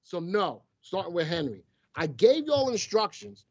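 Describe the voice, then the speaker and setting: A man's voice: high-pitched, big pitch swings, a little slow, gravelly, a little mellow, breathy edge, no room sound, dull audio. Playful man hosting a stock show. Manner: playful, teasing banter with chat. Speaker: stock market show host. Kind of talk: casual live-stream commentary.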